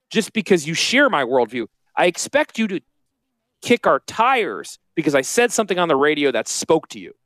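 A man's voice: on the high side, a bit bright, no echo. A man hosting a financial talk radio show, brash, sarcastic and rambling. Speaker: radio host, financial planner. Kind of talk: joking talk radio monologue.

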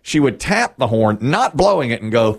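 A man's voice: mid-range voice, big pitch swings, normal speed. A middle-aged man from North Carolina hosting a sports talk radio show, telling stories with playful exaggeration.

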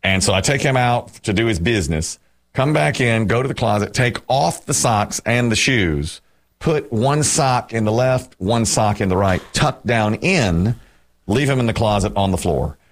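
A man in his fifties, a show host telling stories in casual banter, animated and quick to laugh. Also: fairly low pitch. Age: 50s. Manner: animated storytelling, bursts of laughter.

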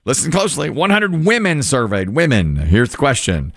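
A man hosting a game on a radio show, with quick announcer patter and the question repeated again and again. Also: mid-range voice, wildly swooping pitch, creaky, fairly bright tone, no echo, studio quality.

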